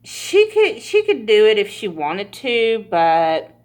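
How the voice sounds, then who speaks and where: A woman's voice: medium pitch, huge pitch swings, slow, a little mellow. A woman giving a casual pick-a-card tarot reading, chatty and laughing often, with frequent swearing. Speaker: tarot reader.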